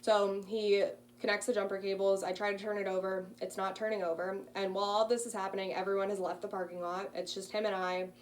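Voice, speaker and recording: A woman's voice: medium pitch, level tone, quick pace, hardly any pauses. A woman in her early twenties, a student casually telling a personal story with frequent ums. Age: early 20s. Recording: distant mic with faint hum.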